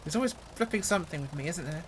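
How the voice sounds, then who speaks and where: A woman's voice: low voice, expressive, racing, slight background noise. A woman at home giving casual, joking, self-mocking commentary as she reviews a flight sim.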